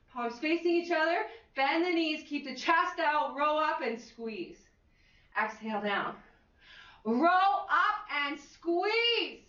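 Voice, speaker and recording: A woman fitness instructor with a high, bright voice cues an exercise class in an unhurried, upbeat way, counting reps and whooping. She is heard from a distance in an echoey room, on a dull lo-fi recording. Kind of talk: guided exercise class cueing.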